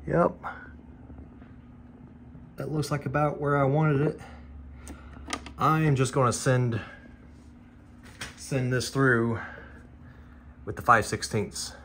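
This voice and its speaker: A man's voice: mid-range voice, level tone, slow pace, long pauses, a bit bright, a little hiss or hum. Laid-back man rambling through a bike install. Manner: loose, rambling, self-deprecating, addresses viewers as guys. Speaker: motorcycle vlogger. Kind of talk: casual how-to walkthrough.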